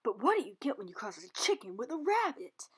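A woman's voice: fairly high pitch, sing-song, a little fast, a bit bright, breathy edge. A woman jokingly commenting on her own drawings, with goofy asides and put-on voices. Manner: jokey, often dropping into silly put-on voices and sung snippets. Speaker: artist showing her drawings. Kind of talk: playful comedic commentary.

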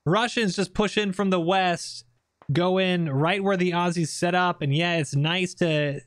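A man giving lively, joking play-by-play commentary over tactical shooter gameplay as the channel host. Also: sits high, unhurried, no echo.

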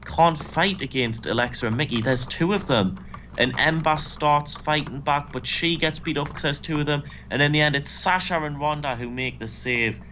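A young man co-hosting a casual game commentary, briskly recapping match results with dry asides. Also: fairly high pitch, sharp tone, a little hiss or hum. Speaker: co-host and booker.

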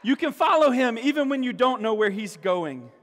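A man's voice: extremely high pitch, very animated, moderate pace, big-room sound. A man preaching a sermon as a pastor, emphatic, repeating key phrases and rising to exclamations. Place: church sanctuary.

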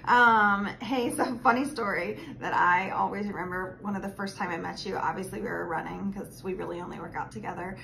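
A woman's voice: medium pitch, steady tone, a little fast, creaky, few pauses, sharp tone, slight background noise, low-quality recording. A woman giving a chatty birthday message and telling a funny story about a friend. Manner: chatty and laughing. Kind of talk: casual storytelling tribute.

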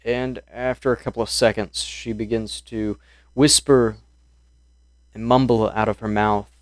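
A man's voice: fairly low pitch, fairly even intonation, a little slow, no room sound, studio quality. A man narrating as game master of a tabletop horror game, describing scenes loosely with plenty of ums and uhs.

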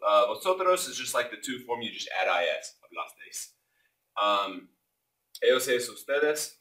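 Energetic man teaching in an echoey room. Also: mid-range voice. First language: English. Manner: energetic, jokey, punctuates points with loud exclamations. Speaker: Spanish teacher. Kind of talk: classroom lesson explanation. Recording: echoey room, mic at a distance.

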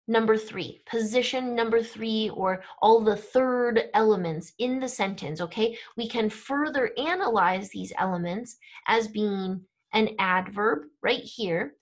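Higher-voiced woman teaching with patient clarity. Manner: clear, patient explaining with frequent "right?" and "okay?" check-ins. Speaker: language teacher. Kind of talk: explaining grammar to camera.

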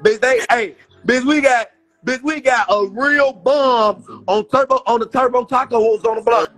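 A man with a Chicago accent in rowdy livestream banter, loud and often shouting in profane street slang. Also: very high-pitched, moderate pace, soft background music, low-quality recording.

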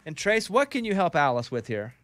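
A man's voice: fairly high pitch, very animated, a little fast, a bit bright, no echo. A man hosting a morning radio show, chatting upbeat with a caller and a guest. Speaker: radio host. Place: radio studio. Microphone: studio mic.

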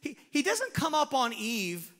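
Pastor guy preaching, high voice, swoops all over, acts out little voices. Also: measured pace, big-room sound. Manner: animated, acts out voices in his stories. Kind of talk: sermon.

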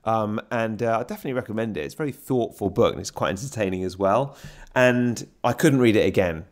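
A man hosts a podcast in relaxed conversation with a fairly low voice. He is chatty and playful and keeps asking his guest questions. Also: quick pace. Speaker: podcast host. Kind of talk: casual conversation.

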